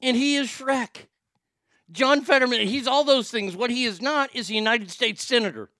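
Podcast host, man, high gravelly voice, mocking comedic delivery. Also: normal speed, no room sound, clean studio sound. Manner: loud, mocking, laughs at his own jokes. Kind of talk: casual comedic commentary.

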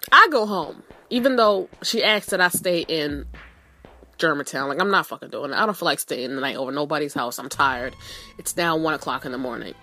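A woman with a somewhat low voice tells a story as a casual rant, swearing freely and throwing in sassy asides. Her delivery is animated. Faint music plays behind her.

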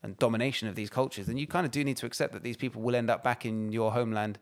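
A man tears through his points at a rapid clip, swearing freely and hammering each point home. He co-hosts a casual podcast, and his voice sits at a middling pitch. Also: fairly even intonation. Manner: swears a lot, heated and emphatic. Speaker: podcast co-host. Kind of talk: casual political chat.

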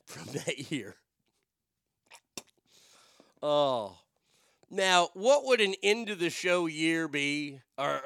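In clean studio sound without echo, a man with a slightly high, smooth voice hosts a radio show. He tells a story, then launches into a profane rant that builds to shouted outrage.

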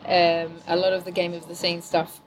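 A middle-aged woman from New Zealand with a mixed, softened accent, talking casually and laughing easily as an improv teacher on a podcast. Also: lowish voice, completely flat delivery, moderate pace, a crowd in the background, poor audio. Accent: New Zealand, softened by years in England. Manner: chatty, laughing, self-deprecating. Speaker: improv teacher and corporate trainer.

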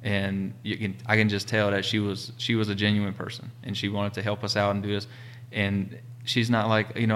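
Low, flat-voiced man. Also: moderate pace, a little hiss or hum. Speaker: podcast co-host, business owner. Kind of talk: casual chat.

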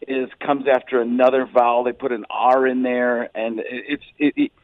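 A man chatting as a comedian guest on a radio interview, rambling with quick asides and restarts. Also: medium pitch, lively intonation, no echo, phone-quality sound. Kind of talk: casual radio interview chat.

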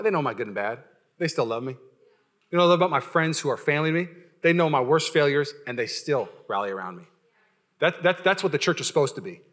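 Bright, joking young pastor. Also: male voice, fairly high pitch. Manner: casual, joking, many fillers and restarts. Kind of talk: sermon.

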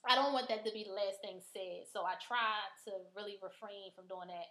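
A woman podcast host with a mid-range voice tells a personal story in casual chat, speaking fairly quickly. She's frank, profane and animated, and the recording has a roomy echo.

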